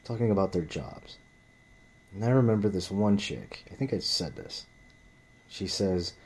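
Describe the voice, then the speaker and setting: A man's voice: low-pitched, lively intonation, unhurried, long pauses, a little mellow, breathy edge. A man telling a story in a ranting vlog monologue, blunt and profane, often rambling and restarting his sentences. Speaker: vlogger.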